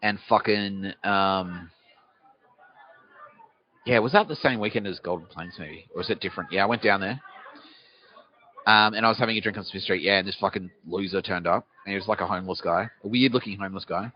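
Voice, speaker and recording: Aussie guy rambling and swearing, fairly low voice, dull lo-fi sound. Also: a little fast. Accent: Australian. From Australia. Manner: swearing, asks himself questions and answers them. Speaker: podcast host. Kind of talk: rambling comic monologue. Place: city street outdoors. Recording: dull lo-fi recording.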